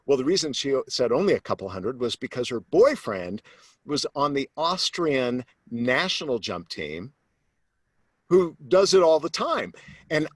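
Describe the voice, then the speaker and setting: A man, a sales coach, telling a personal story as an interview guest, animated and acting out the voices of the people in it, then turning low and earnest to make his point. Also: unhurried, no echo. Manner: animated storyteller who acts out quoted voices; drops to a low, earnest tone when making a point.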